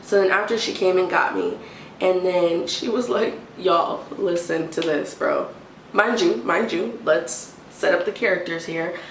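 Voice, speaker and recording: A young adult woman telling an exasperated storytime rant, animated and mimicking a timid whisper now and then. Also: fairly low pitch, a little slow. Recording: roomy, distant, faint hiss.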